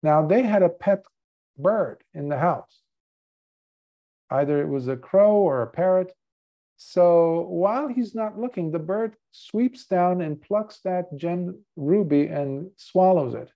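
A male Buddhist monk giving a dharma talk, telling a story in an earnest, measured way. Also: high-pitched. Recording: dull lo-fi recording.

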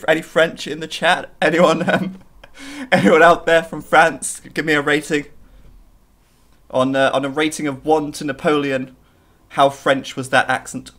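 A man's voice: on the high side, fairly bright tone. Jokey male game streamer. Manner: jokey, chatty with viewers. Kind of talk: casual live-stream commentary.

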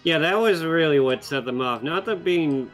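A man's voice: a little high, lively intonation, normal speed, faint music behind. A young man co-hosting a let's play, giving game tips and making dry, sarcastic asides. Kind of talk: casual gameplay chat.

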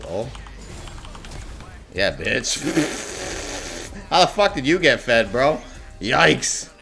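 A man streaming a game, ranting and swearing at other players, swinging from low mutters to shouted outbursts. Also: very animated, extremely slow, gravelly, faint music behind. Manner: tilted, swearing, ranting at teammates and enemies. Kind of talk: live gameplay commentary.

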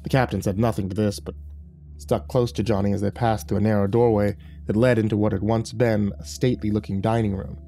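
A man giving scripted narration of a horror story with measured, dramatic storytelling. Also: on the low side, little pitch movement, mellow, faint music behind.

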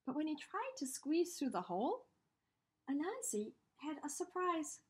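A woman teacher reading a storybook aloud to children, expressive, with hushed asides. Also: sits high, measured pace.

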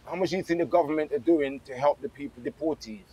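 A man interviewing a guest, asking questions in a halting way with frequent restarts. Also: on the high side, mellow, breathy edge, rough recording.

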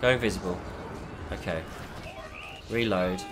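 A man's voice: medium pitch, lively intonation, normal speed, a bit bright, a little hiss or hum. Swearing, frustrated gamer man. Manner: frustrated, heavy swearing, exasperated. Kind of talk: gameplay commentary.

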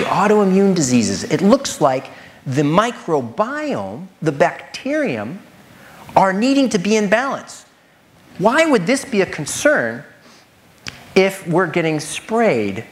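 A man giving a lecture presentation as a nutritionist, animated, firing rhetorical questions and addressing the audience directly. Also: high-pitched.

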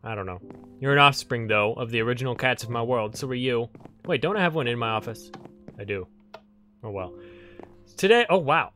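A young man talks through his gameplay in a casual, excitable way, chatting to the creatures on screen and yelping when things go wrong. His voice sits at an ordinary middle pitch. Faint game music plays softly behind him. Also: fairly quick, long pauses. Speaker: gaming channel host. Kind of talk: casual Let's Play commentary.

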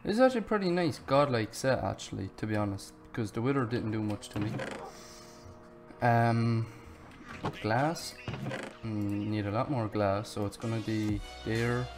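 A young man giving live gameplay commentary, excitable and often swearing as he talks to himself while playing. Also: lowish voice, moderate pace, over music. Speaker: gaming channel host.

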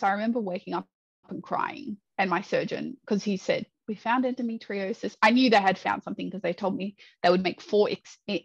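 A woman's voice: medium pitch, slightly rough, no echo, highs cut off. A woman guest on a podcast, talking earnestly and chattily with many fillers. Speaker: dietitian guest. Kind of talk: podcast interview talk.

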